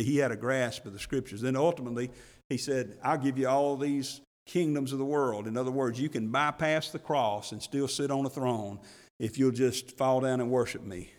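A man's voice: medium pitch, long reverb tail. A man preaching a sermon as pastor, acting out the voices he quotes, and building to fervent emphasis.

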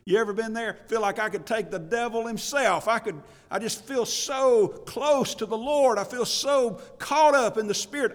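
A man pastor preaching a sermon in an animated way, with laughs and asides to the congregation. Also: sits high, a little slow. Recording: long church reverb.

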